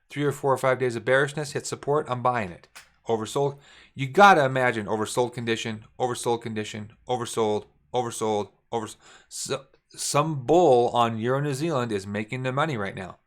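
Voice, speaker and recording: Middle-aged male trading instructor, easygoing, repeats key points, mid pitch. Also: a bit bright. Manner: casual, repetitive, talks while drawing charts. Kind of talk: screen-share trading lesson.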